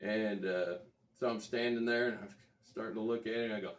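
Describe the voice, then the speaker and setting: Low-voiced man rambling through a story. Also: steady tone, a little slow, pauses often. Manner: rambling, self-correcting, chuckles as he tells it. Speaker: guitar dealer vlogger. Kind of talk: casual storytelling to camera. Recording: roomy, distant from the mic.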